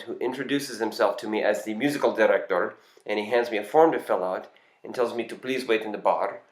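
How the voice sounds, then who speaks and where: A man, a singer and actor, casually telling a first-person anecdote in a relaxed, conversational way with small hesitations. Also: on the low side. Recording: roomy echo.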